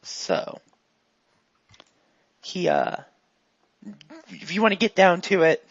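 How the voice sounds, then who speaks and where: A woman narrating a tabletop role-playing game as game master, rambling in a relaxed way with many fillers. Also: on the low side, takes it slowly, dry recording. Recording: dull, dry lo-fi recording.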